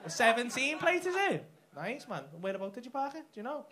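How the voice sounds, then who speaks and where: A man's voice: very high-pitched, big pitch swings, quick pace. A man doing crowd-work stand-up on a comedy club stage, brash and sweary, teasing audience members. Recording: noisy live club recording. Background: audience laughter.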